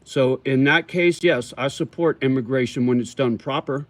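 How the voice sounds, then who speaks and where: A man hosts a casual livestream and answers viewer comments as they come in. He talks in a loose, slangy way, swears freely and calls people homie and brother, all at an ordinary middle pitch. He chews tobacco as he talks, and the mic is close and dry with no room sound. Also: normal speed, dry recording. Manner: chews tobacco while talking. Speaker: livestream host.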